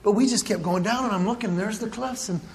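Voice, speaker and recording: High-voiced man telling a story in a big hall. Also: fast talker, slight background noise. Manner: animated, acts out his own panic with yelps. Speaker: Christian comedic speaker. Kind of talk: storytelling stand-up talk.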